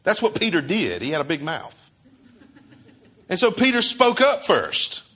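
Conversational preaching man, higher voice. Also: wildly swooping pitch, measured pace, bright, forceful tone, breathy edge. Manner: conversational preaching with rhetorical questions to the congregation. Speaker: pastor. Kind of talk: sermon.

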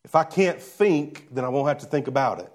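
A male pastor preaching a sermon in a conversational way, asking rhetorical questions and moving between hushed and emphatic delivery. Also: mid-range voice, lively intonation, fairly quick.

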